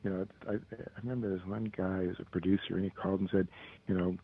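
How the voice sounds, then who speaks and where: Low-voiced man on a lo-fi line. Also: little pitch movement, quick pace, slightly rough. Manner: thoughtful, searching, many restarts. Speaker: guest. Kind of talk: casual conversation.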